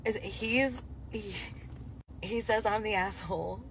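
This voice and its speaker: A woman's voice: mid-range voice, slow, a little hiss or hum, low-quality recording. A young adult woman telling a dating story casually, full of chatty "like" fillers.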